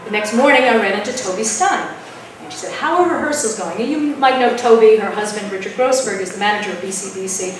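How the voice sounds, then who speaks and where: A woman telling a spooky story at an open mic, dramatic and dropping to a hush at tense moments. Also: medium pitch, fast, few pauses, slight background noise. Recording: echoey room from far off.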